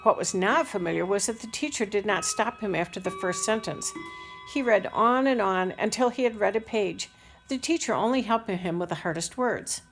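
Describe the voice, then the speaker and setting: A woman narrating a children's novel aloud in a measured, unhurried storytelling manner. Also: medium pitch, faint music behind. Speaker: audiobook reader.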